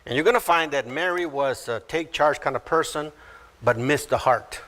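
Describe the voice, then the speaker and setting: A man preaching a sermon as pastor, unhurried and teaching verse by verse, animated as he acts out quoted voices. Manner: animated, acts out quoted voices with sudden high pitch jumps.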